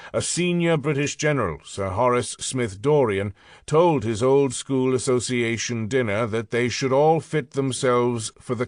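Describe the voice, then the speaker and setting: Guy reading a history audiobook, steady and deliberate, slows down on the big lines, super dry close mic. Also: mid-range voice, no echo. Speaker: audiobook narrator. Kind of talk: scripted narration of history.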